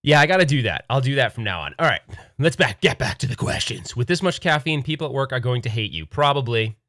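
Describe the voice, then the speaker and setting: Man, casual livestream host, rambling, quick to laugh, lively pitch, dry. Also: no room sound. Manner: rambling, laughs easily, excitable. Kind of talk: casual live chat.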